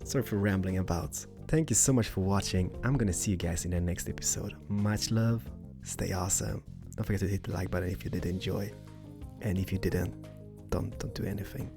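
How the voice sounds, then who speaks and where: A young man hosting a casual building tutorial, rambling playfully with loud bursts and a voice that is wearing thin. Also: deep voice, fairly quick, vocal fry. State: losing his voice. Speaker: host. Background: background music.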